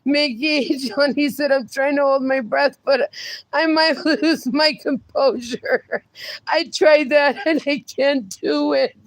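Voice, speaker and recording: Livestream host, woman: high, gravelly voice, slow delivery, giggling helplessly between comments. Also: no room sound. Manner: breaks into constant helpless giggles, breathless. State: in a laughing fit. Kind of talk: casual livestream chat, reading viewer comments.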